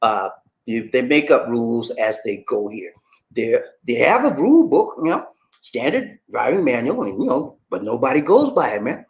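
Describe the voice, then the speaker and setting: A man's voice: wildly swooping pitch, normal speed. A man hosting a casual livestream, reading out viewer comments in a laid-back way, calling people "man" and "buddy" and laughing often. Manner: pitch swings widely between low asides and high exclamations. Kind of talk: casual live chat.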